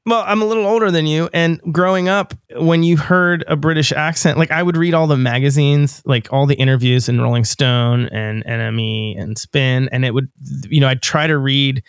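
A man's voice: medium pitch, normal speed, few pauses, clear, resonant tone, no echo, clean studio sound. A man in his forties hosting a podcast, chatting in an easygoing, rambling way with lots of fillers. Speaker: podcast host. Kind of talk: casual interview chat.

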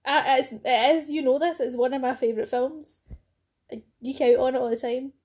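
A Scottish woman chats on a podcast in a blunt, sweary, bantering way. Her voice sits a little high but has a warm, mellow tone. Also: fairly even intonation, fairly quick. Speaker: podcast co-host. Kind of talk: casual chat.

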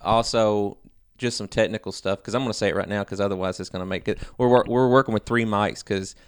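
A man's voice: fairly low pitch, steady tone, fast, clear, resonant tone, dry recording. A man co-hosting a podcast, chatting casually and rambling with many fillers. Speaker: podcast co-host.

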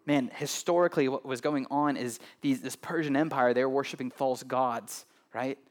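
A man's voice: mid-range voice, fairly even intonation, normal speed. A man preaching a sermon as pastor, talking to the congregation in a loose, conversational way, often adding "right?" and joking with them.

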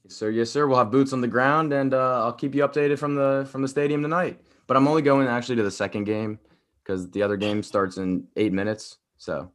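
A man's voice: medium pitch, little pitch movement, fairly quick. A young man from co-hosting a casual sports podcast, upbeat and jokey as he gives his picks. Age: young adult.

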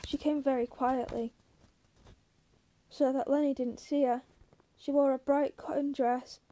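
A woman narrating a novel chapter in a plain, steady audiobook reading. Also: high-pitched.

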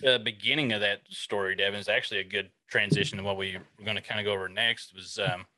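A man's voice: on the low side, fairly even intonation, quick pace, bright, forceful tone, dry recording, rough recording. A man hosting a casual chat, jokey and asking the guests questions. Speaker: podcast host.

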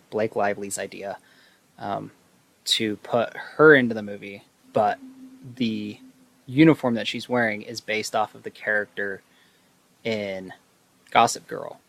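A man with a low, gravelly voice chats through a movie recap in a loose, rambling way. He stacks up fillers and restarts as he goes. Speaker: video host.

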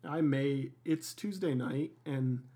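A man's voice: mid-range voice, slow, mellow. A man co-hosting a casual podcast at home, chatting in an easygoing, wry way. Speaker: podcast co-host. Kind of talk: casual chat.

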